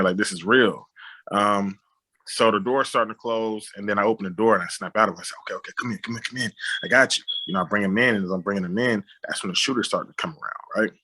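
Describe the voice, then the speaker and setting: A man's voice: fairly low pitch, husky. A man, a director and writer, telling a personal story in an interview, acting out sounds and quoted voices as he goes. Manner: animated retelling with sound effects and quoted dialogue. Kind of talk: conversational storytelling.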